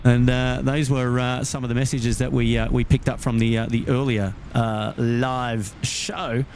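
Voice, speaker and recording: An Australian man in middle age hosts a live stream, reading out viewer messages in a halting, filler-heavy but cheery way. His voice sits mid-range and comes through clear outdoor noise of wind and passing traffic at night. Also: medium pitch, flat delivery, darkish tone. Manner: hesitant, full of "uh" fillers, cheery thanks. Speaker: livestream host. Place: outdoors at an airport at night, windy.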